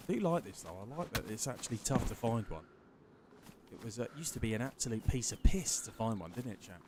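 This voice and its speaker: A man talks casually through a live game stream, his pitch swinging widely as he chats. He greets viewers by name and swears freely along the way. A faint hum of ambient sound sits behind him. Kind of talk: casual live-stream chat while gaming.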